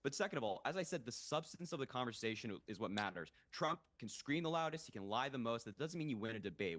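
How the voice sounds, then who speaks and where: Panelist: quick, earnest man making his case in a televised debate. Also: medium pitch, animated, a bit bright. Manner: earnest, argumentative, presses his point.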